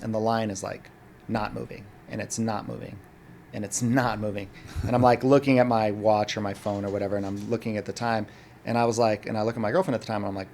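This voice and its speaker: A man, a restaurant owner and former bartender, telling an animated story as a podcast guest and acting out the dialogue. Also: fairly low pitch, fast talker, slight background noise. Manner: animated, acts out the dialogue of people in his story. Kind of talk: casual storytelling in a podcast interview.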